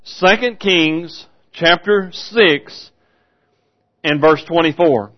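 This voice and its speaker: A pastor leads a Bible study in a folksy, conversational style, posing rhetorical questions to his audience. His voice is high-pitched and animated at normal speed, though the audio sounds dull.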